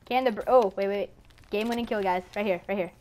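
A gaming YouTuber giving live commentary over a match, chatty and excitable, talking to enemies on screen and screaming when startled. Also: mid-range voice, fast.

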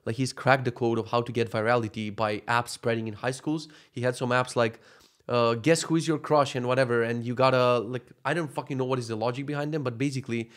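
A young man hosting a solo podcast, ranting casually and sarcastically with lots of swearing. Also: medium pitch. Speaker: podcast host.

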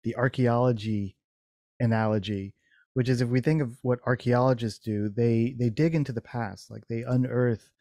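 A man's voice: mid-range voice, steady tone, moderate pace, warm tone, dry recording, clean studio sound. A man answering an interview question at length, explaining thoughtfully and repeating words as he builds his ideas. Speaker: guest designer.

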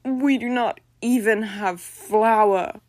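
A woman's voice: mid-range voice, normal speed, no echo, natural voice. A woman voicing the prim, haughty spirit of an old-fashioned lady from a bog body, speaking with formal, peevish diction in a storybook reading. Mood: dismayed.

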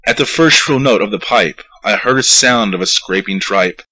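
A man's voice: lowish voice, pushed and bright, no echo, rough recording. A man reading a poem aloud, voicing a stout male rat that survived and recounts his feast with glee. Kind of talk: poetry recitation.

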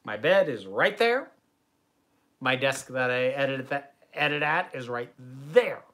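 A man's voice: mid-range voice, lively intonation, a little slow, sharp tone. A young American man hosting a livestream Q&A from his bedroom, reading chat questions aloud and answering them in long tangents. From United States. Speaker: host.

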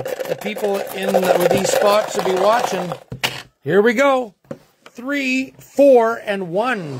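A man's voice: high-pitched, a little hiss or hum. A man hosting a sports card break, chatting folksily to viewers as he rolls dice and calls out teams. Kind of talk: casual live card break commentary.

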